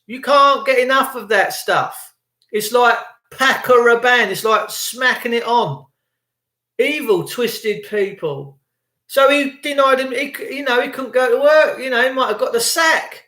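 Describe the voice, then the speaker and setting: A man's voice: very high-pitched, normal speed, pushed and bright, roomy sound. A man delivering an indignant, sarcastic ranting monologue. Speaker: vlogger.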